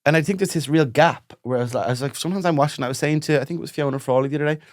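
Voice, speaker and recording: A man's voice: on the high side, very fast, no echo, clean studio sound. A young man co-hosting a podcast, telling stories in casual chat and laughing often. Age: young adult. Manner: chatty storyteller, laughs often. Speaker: podcast co-host.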